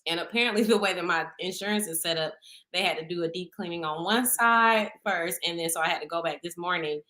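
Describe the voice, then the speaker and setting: A woman's voice: on the low side, fast talker. A woman, co-hosting a casual podcast chat, telling stories with lots of laughter and acted-out quotes. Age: 30s. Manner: animated storytelling, laughing often, acting out quotes. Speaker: podcast co-host.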